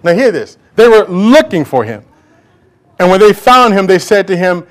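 A pastor preaching a sermon emphatically, often repeating words for stress. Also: male voice, high voice, very animated, moderate pace.

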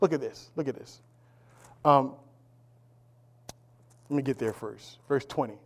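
A male pastor preaching a sermon, calling out to the congregation for responses and swinging between loud declarations and hushed asides. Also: mid-range voice, unhurried. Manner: preaching with call-and-response, swings between shouting and near-whisper.

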